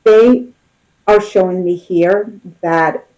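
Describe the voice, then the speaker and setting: A woman's voice: mid-range voice, takes it slowly, mellow, rough recording. A woman giving a casual tarot reading, talking in a loose, conversational way and often checking in with "okay?" and "you know?". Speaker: tarot reader.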